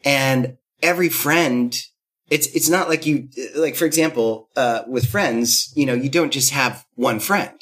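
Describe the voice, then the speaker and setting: A man's voice: medium pitch, a little slow, a bit bright. Guy in his 30s rambling thru a personal story, lots of likes and you knows, restarts himself. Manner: rambling, many fillers and restarts, acts out quotes. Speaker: guest.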